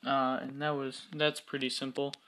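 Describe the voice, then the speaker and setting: This Minecraft building tutorial host gives casual screen-recorded commentary, hesitant and filler-heavy, often poking fun at himself. He speaks at a moderate pace in a mid-range, fairly bright voice with little pitch movement, and there's a little hiss or hum.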